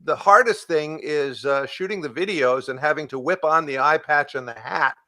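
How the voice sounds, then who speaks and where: Guy voice actor w a bright forceful voice, lots of uh's, dead dry mic. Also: on the high side, normal speed, no echo. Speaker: voice actor guest. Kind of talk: casual live-stream Q&A.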